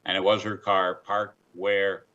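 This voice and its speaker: Brief: male hearing officer, fairly low voice, folksy and measured, lo-fi call audio. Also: little pitch movement, sharp tone. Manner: plain-spoken, folksy, measured. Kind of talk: presiding over a hearing.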